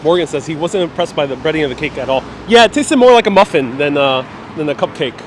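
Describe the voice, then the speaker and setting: Holding his phone as he walks through a city, a male travel vlogger live-streams, chatting casually, thinking aloud and reading viewer comments. His voice is fairly high, lively in intonation and fast, with street noise and traffic all around.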